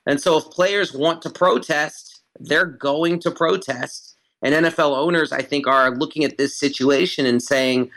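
A man's voice: a little high, a little slow, few pauses, fairly bright tone, low-quality recording. A man speaking as a guest commentator in an interview, making his case emphatically and repeating phrases for stress. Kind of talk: analytical interview talk.

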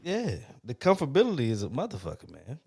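Lively gravelly man telling stories on a podcast. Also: medium pitch, fast. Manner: animated, slangy storytelling with swearing. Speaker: podcast co-host. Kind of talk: casual podcast conversation.

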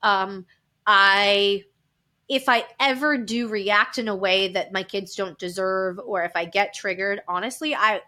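A woman in her thirties, a podcast guest, speaking frankly and with animation and quick laughs. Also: medium pitch, fairly even intonation, pushed and bright. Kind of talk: candid conversational storytelling.

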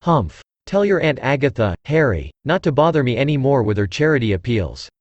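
A synthesized male voice reading the part of a gruff, blustering old aristocratic uncle who grumbles bluntly. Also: mid-range voice, very animated, brisk, no echo, lo-fi sound, lightly acted. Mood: grumbling. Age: older.

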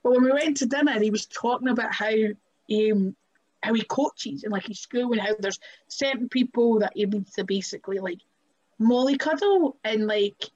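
A woman's voice: a little high, muffled recording. A young woman, a guest wrestler telling stories on a podcast, chatty and full of "like" fillers. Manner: chatty, many "like" fillers, laughs often. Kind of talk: casual podcast storytelling.

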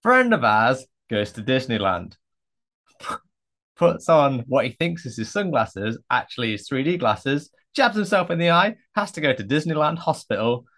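A man's voice: medium pitch, very animated, moderate pace, a bit bright. A man co-hosting a podcast, trading casual banter and telling stories with dry, joking delivery. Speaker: podcast co-host.

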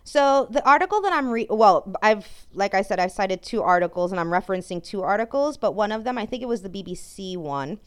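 This French podcast host rants furiously in a medium-pitched, smooth voice, speaking briskly and animatedly with few pauses. Her monologue is full of swearing, and her sentences frequently break off partway through.

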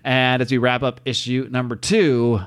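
Man, podcast host, casual comic recap, chatty, mid-pitched voice. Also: little pitch movement, normal speed, clean tone. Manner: chatty, recaps the plot with asides.

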